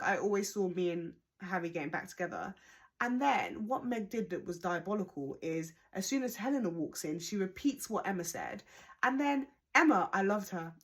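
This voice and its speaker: A young woman recapping a reality show in casual chat, animated, opinionated and mocking. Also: mid-range voice.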